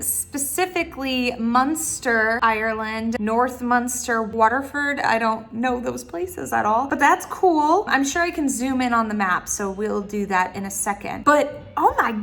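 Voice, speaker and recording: A young woman from Wisconsin vlogging casually from her kitchen, excitable and quick to exclaim, recorded on a laptop or phone mic. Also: fairly high pitch. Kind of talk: casual vlog. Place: home kitchen. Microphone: laptop or phone camera mic.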